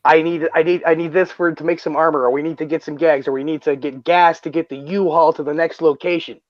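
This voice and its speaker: Excitable, foul-mouthed man on a lo-fi stream. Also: fairly high pitch, fast talker, dry recording. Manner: excited, swears often, many restarts. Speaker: stream host. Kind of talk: casual livestream chat. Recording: dull lo-fi stream audio.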